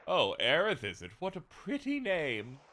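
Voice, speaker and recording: A man's voice: on the high side, huge pitch swings, measured pace, sharp tone, pitched above the performer's own voice, heavily acted. A man voicing a sly, creepy male scientist who gloats and taunts, reading game dialogue aloud. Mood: gloating. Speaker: let's play streamer reading dialogue.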